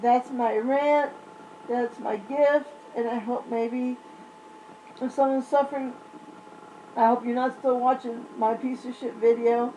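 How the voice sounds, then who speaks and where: A woman's voice: fairly high pitch, fairly even intonation, unhurried, dark tone, slight background noise, poor audio. A woman vlogging, unwell during a flare-up, venting in a blunt, profane, exasperated rant. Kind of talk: ranting vlog.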